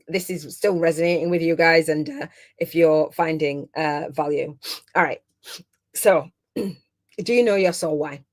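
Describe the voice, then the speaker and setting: Host: middle-aged woman, low-pitched, emotional and chatty coach running a live masterclass. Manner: heartfelt and chatty, close to tears.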